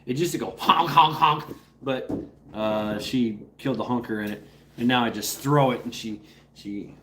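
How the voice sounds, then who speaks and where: A man with a medium-pitched, fairly bright voice hosts a casual live stream at a moderate pace, with a little hiss or hum in the background. He rambles playfully, greets viewers by name and coaxes his dog between remarks.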